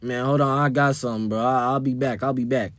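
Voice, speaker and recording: A man's voice: medium pitch, fairly even intonation, quick pace, no echo, voice pushed down, close to an everyday voice. A man voicing a sheepish young guy making excuses after being caught. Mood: evasive. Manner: evasive, pleading.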